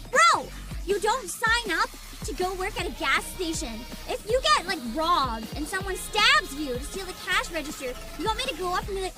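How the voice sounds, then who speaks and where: A woman streamer in casual commentary, animated and laughing, with profane ranting. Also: extremely high pitch, brisk, over loud music. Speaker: VTuber streamer.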